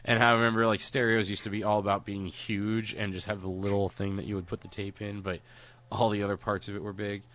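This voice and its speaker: A man's voice: fairly low pitch, level tone, fairly quick, a bit bright. A man co-hosting a podcast, chatting casually and rambling, with frequent laughs and casual swearing. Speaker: podcast co-host.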